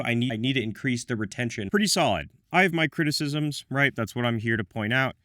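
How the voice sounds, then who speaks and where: A man's voice: medium pitch, fairly quick, a bit bright, dry recording, clean studio sound. A man giving a scripted product review with wry, self-deprecating asides. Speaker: menswear reviewer.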